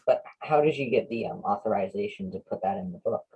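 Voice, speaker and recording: Male podcast host, low voice, strongly raspy, casual joking questions. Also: fast talker, highs cut off.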